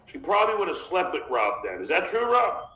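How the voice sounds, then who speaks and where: A man's voice: high voice, sing-song, a little fast, sharp tone, roomy sound, low-quality recording. A man hosting a podcast in casual chat, rambling and reading chat messages aloud. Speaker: podcast host.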